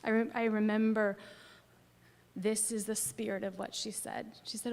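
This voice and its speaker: A woman pastor preaching a sermon, telling a personal story expressively and dropping at times to a soft near-whisper. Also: mid-range voice, little pitch movement, normal speed, vocal fry. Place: church sanctuary. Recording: long church hall reverb.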